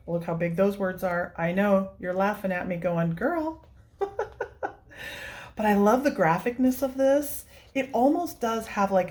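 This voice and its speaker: A woman's voice: on the low side, a little mellow. A woman hosting a casual vlog, chatting and gushing as she shows things, laughing often. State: tearful, near crying. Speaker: coloring book channel host. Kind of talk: casual show-and-tell vlog.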